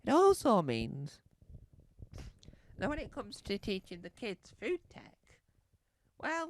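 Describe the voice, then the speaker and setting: A performer voicing an excitable eighteen-year-old school dinner man who rambles through a story in a comedy sketch. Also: on the high side, voice pushed up.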